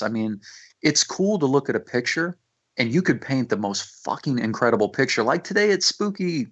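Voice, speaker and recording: In a radio studio, a male rapper with a medium-pitched, fairly bright voice gives a casual interview. He speaks intensely, curses without restraint, and restarts his sentences, all captured in muffled, low-fidelity radio sound.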